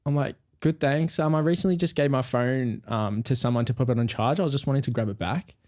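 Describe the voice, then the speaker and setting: A man's voice: medium pitch, quick pace, a little mellow. A young man, a podcast co-host telling a story casually and animatedly, acting out quoted voices.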